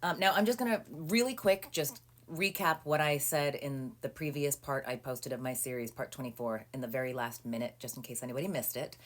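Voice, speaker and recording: A woman telling a personal story in a casual, chatty monologue, full of fillers and acted-out quotes. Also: brisk. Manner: animated, acting out quoted people with rising pitch and volume; chatty with frequent "um" and "like". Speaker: storyteller recounting a personal legal ordeal.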